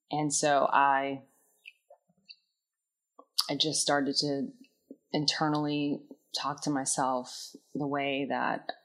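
A woman telling a candid personal story in a reflective, introspective way, often trailing off into soft, quiet phrases. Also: a bass voice. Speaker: vlogger.

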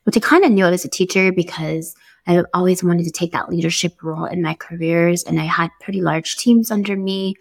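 A woman in her thirties tells her own story as a podcast host, candid and easygoing. Her voice sits low and carries a gravelly edge. The close mic leaves it dry, with no room sound. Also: fairly even intonation, a little fast, no room sound. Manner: candid, conversational, upbeat with soft laughs. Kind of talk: personal storytelling monologue.

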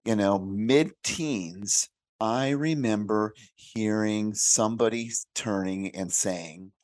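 Late 50s guy on a podcast, lowish voice, tells stories and keeps asking right?. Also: slow pace, a little mellow. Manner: explanatory, storytelling, frequent "right?" and restarts. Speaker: podcast guest, career coach. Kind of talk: casual conversational interview.

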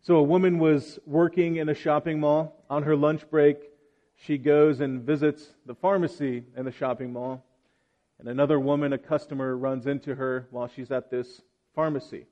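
A man preaching a sermon in a church hall, reading scripture and then talking in a relaxed, conversational way with joking asides. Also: fairly high pitch, normal speed, lo-fi sound.

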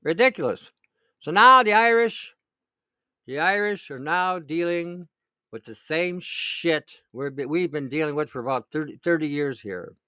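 A man's voice: a little high, animated, measured pace, pushed and bright, smooth, no echo, studio quality. A middle-aged man, ranting about politics in a sarcastic, indignant way, often laughing and repeating himself. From Canada. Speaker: vlogger. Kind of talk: political rant.

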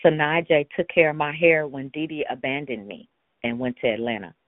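A woman's voice: low-pitched, fairly quick, no room sound. Woman hosting a call-in over the phone. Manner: warm, playful, laughs often and breaks into song. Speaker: host of a call-in prayer line. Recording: phone line, dry.

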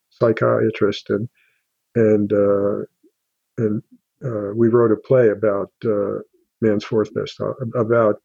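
An older man speaking as a guest author in an interview, halting and restarting often as he talks. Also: lowish voice, creaky, dark tone, breathy edge, no echo, highs cut off. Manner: halting, with many restarts and fillers. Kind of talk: casual interview talk.

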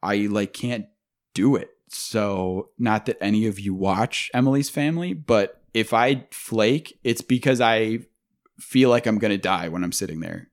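A young man co-hosting a podcast, rambling and joking with frequent swearing in casual chat. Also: fairly low pitch. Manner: profane, rambling, quick to joke. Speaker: podcast co-host.

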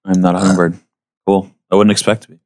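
A man's voice: low voice, level tone, quick pace, mellow, no echo, studio quality. A man playing a tabletop game, laid-back and hesitant as he plans his move. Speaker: player.

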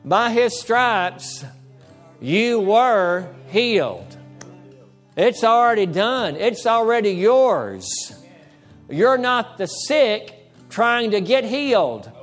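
Male pastor, high voice, emphatic sermon delivery, faint music in the background. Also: sing-song, extremely slow. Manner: emphatic, repeats phrases, acts out dialogue with the devil.

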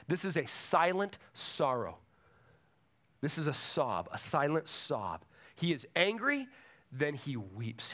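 A man's voice: mid-range voice, a bit bright. A man preaching a sermon to a congregation in a church, emphatic and repeating his key phrases. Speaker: pastor.

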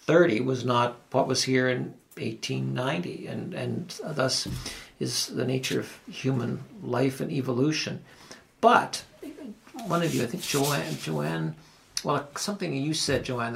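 A man's voice: mid-range voice, vocal fry, fairly bright tone. An older man with an Ottawa Valley accent, hosting a local talk show and telling stories in a rambling, reflective way with restarts and asides. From Ottawa Valley, Canada. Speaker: host. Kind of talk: reflective conversational storytelling.

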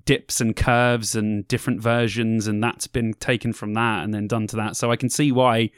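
A man's voice: lowish voice, flat delivery, moderate pace, clear, resonant tone, no echo. Young guy on a podcast, rambling with ums and likes, dry close mic. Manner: rambling, lots of ums and likes, explains eagerly. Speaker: podcast co-host. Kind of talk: casual chat reviewing festival bands.

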